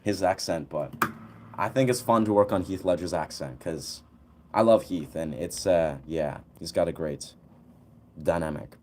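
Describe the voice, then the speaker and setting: Over slight background noise, a young man with a deep, darkish voice talks a little slowly as he hosts a casual livestream. He answers viewers loosely, rambling and using plenty of fillers.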